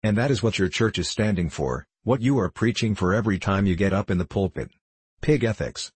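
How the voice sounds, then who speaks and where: A man's voice: lowish voice, animated, fairly quick, breathy edge, no room sound. A man voicing a remorseless, cutting debater. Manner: forceful, cutting, insistent. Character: fierce, remorseless male socialist debater.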